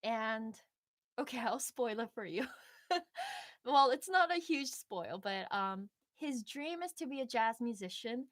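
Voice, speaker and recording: A woman's voice: fairly high pitch, expressive, measured pace, fairly bright tone, dry recording, clean studio sound. A young woman in casual live-stream chat, rambling and reflective with many fillers.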